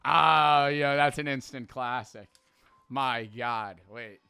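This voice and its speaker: Bright-voiced male streamer chatting. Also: mid-range voice, takes it slowly, creaky, clear, resonant tone, dry recording, soft background music. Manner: chatty, laughs at his own readings. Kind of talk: casual chat reading jokes from a book.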